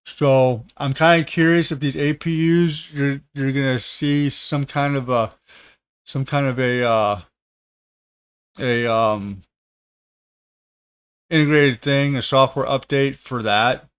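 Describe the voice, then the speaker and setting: Casual tech streamer, male, thirties, unhurried and rambling, clean voice. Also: medium pitch, steady tone, clear, resonant tone. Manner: halting, many fillers and restarts. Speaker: tech content creator. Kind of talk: casual livestream chat.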